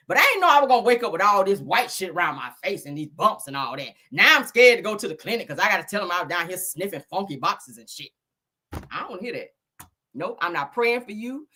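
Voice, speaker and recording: A woman hosting a live gossip stream, talking loudly and laughing a lot as she reacts to comments. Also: medium pitch. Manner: loud, animated, laughing a lot, Southern Black vernacular slang. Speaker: gossip show host.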